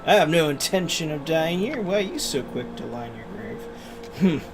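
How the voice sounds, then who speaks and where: A man's voice: on the high side, lively intonation, normal speed, background noise, natural voice. A man reading the lines of a polite adventurer who leads a party, in a near-natural voice.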